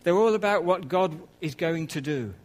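A man preaching a conversational sermon, with soft laughs and quiet asides. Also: fairly high pitch, lively intonation, normal speed, rough recording.

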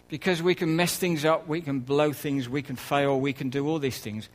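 A man preaching a conversational sermon, with soft laughs and quiet asides. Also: on the high side, fairly even intonation, a little slow, rough recording.

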